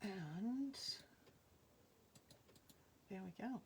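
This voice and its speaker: Slow-talking Rhode Island woman hosting a sale. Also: medium pitch, animated, mellow, a little hiss or hum. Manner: chatty, greets viewers by name, laughs often. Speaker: live jewelry sale host. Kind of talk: casual live-stream selling chat. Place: at home.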